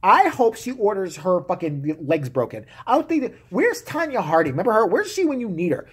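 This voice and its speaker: A man's voice: high-pitched, sing-song, a little fast, breathy edge. A man delivering a vulgar, heated, mocking solo rant to camera. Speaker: vlogger.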